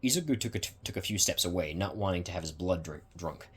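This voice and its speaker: A man narrates his own fan story in a halting way, often stopping to restart and correct himself. His voice is very deep, with a husky edge. He reads casually, as if working it out on the spot. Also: animated, a bit bright.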